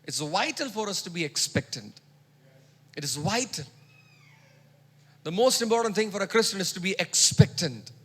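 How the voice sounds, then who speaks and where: A male pastor preaching a sermon emphatically, repeating phrases, urging the congregation to echo words, and moving between loud exhortation and quiet teaching. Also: sits high, expressive, moderate pace, pauses often, breathy edge. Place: church hall. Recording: long hall reverb.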